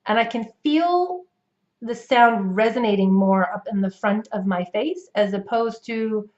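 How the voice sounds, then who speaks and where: A woman with a North American English accent, explaining accent practice clearly and patiently to the camera as a coach. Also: a little high, a little slow, a little mellow, dull audio.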